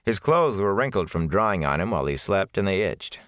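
A man narrating a fantasy novel in measured, expressive storytelling. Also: low-pitched, no echo, clean studio sound. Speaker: audiobook narrator.

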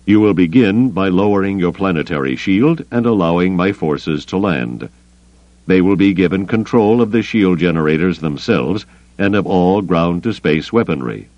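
A man voicing a cold, calculating grand admiral who speaks in a measured, controlled way. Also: sits low, darkish tone, no room sound, highs cut off.

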